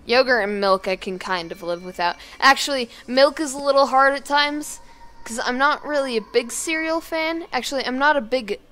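A teenage girl chatting casually and rambling while playing a game at her home computer, now and then breaking into sudden yells. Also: sits high, moderate pace. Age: teens. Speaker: gaming YouTuber. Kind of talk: let's play commentary. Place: kitchen at home.

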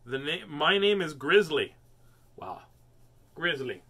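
An older man reads picture books aloud to a live audience, joking and chatting between pages. His voice sits fairly high and rings bright, swinging up and down with lively expression. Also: slow pace, slightly rough. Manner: playful, chatty, easily amused. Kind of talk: live read-aloud stream.

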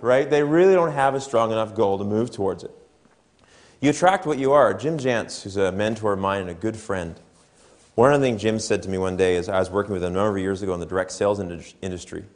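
A keynote speaker with a lowish, darkish voice delivers a motivational seminar talk to an audience in a conference hall. He speaks at a quick pace, keeping things conversational and putting questions to the crowd.

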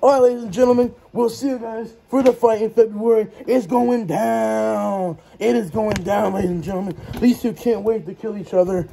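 A man announcing a comedic fight press conference in a hyped, quick way. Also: high-pitched, steady tone, gravelly, dark tone.

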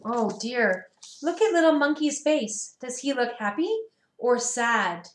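A woman reading picture books aloud to young children, gentle and sing-song, pausing to ask them questions. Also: on the high side, lively intonation, echoey room.

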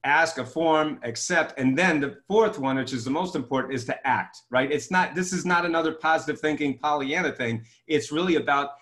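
A fairly high-voiced man talks fast and with emphasis, a guest expert on a video call. He makes his points with lively examples. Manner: energetic, emphatic, explains with examples.

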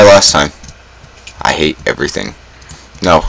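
A man's voice: low voice, lively intonation, moderate pace, long pauses, fairly bright tone, low-quality recording. A young man giving casual gameplay commentary, full of self-mocking groans and dramatic exclamations. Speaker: gaming YouTuber.

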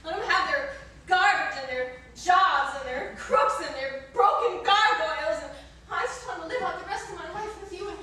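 An actress playing a frantic worn-out wife. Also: female voice, very high-pitched, moderate pace, bright, forceful tone, slight background noise. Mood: pleading. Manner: pleading, emotional, voice rising and breaking. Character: anxious worn-out middle-aged New York wife. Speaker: stage actress. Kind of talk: live stage play. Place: theater stage. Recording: echoey theater, mic far from stage.

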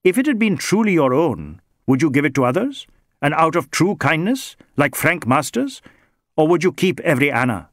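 A man's voice: fairly high pitch, big pitch swings, normal speed, no echo, studio quality, voice pushed up. A man doing a stern, upright police inspector. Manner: firm, sharp.

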